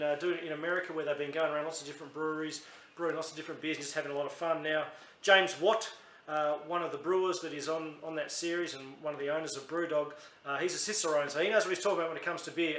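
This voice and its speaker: A man's voice: fairly high pitch, a bit bright, roomy sound. An Australian man reviewing a beer in a casual, chatty, rambling way, often correcting himself mid-sentence.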